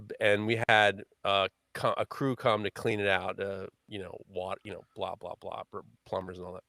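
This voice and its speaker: A man co-hosting a live podcast, telling a funny story in casual, animated chat. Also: normal speed, gravelly, no echo, studio quality. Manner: animated storyteller, rising pitch when excited. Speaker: podcast co-host.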